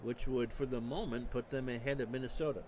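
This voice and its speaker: A man calling baseball play-by-play for a streamed replay, measured and stat-heavy with dry asides. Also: medium pitch, fairly even intonation, a little hiss or hum. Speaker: play-by-play announcer.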